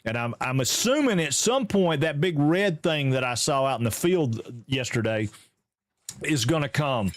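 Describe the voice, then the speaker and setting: A man from Georgia with a Southern American accent chats through a live game stream. He talks in a friendly, rambling way and greets viewers excitedly, with his pitch in an everyday middle range. The close microphone leaves his voice dry, with no room sound. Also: measured pace, no echo. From Georgia, USA. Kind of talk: casual live-stream chat.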